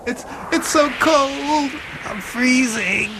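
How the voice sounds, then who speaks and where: A man's voice: a little high, expressive, noisy background, natural voice. An actor playing a superior man who thinks he is fit to be emperor. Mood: shivering. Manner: slow, superior.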